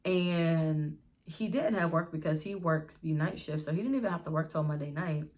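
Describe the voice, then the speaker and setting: A woman's voice: deep voice, moderate pace. A young woman in a casual storytime vlog, chatting to viewers at home and calling them y'all. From Pittsburgh area, US. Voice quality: lively, swears freely, addresses viewers as y'all. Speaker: vlogger.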